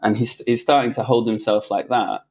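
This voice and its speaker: This podcast guest, a man with a fairly low, fairly quick voice, shares a personal story in an animated, reflective way during a casual chat, frequently breaking into laughter and starting sentences over.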